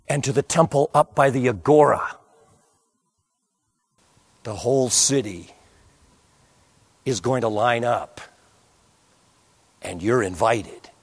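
A man preaching, telling a vivid story that swings from hushed murmurs to loud declamation. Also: mid-range voice, slightly rough. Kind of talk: dramatic sermon storytelling.

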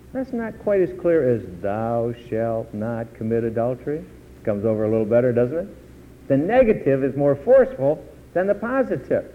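A man's voice: mid-range voice, slight background noise. A man preaching a sermon on doctrine, emphatic and argumentative, with dramatic swings in his delivery. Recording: tinny phone-like audio in a reverberant hall.

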